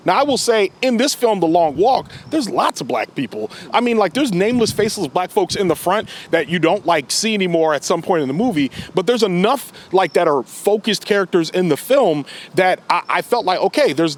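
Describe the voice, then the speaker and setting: A man hosting a podcast, reviewing a film in candid, animated casual chat with a co-host. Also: high voice, fairly quick, few pauses.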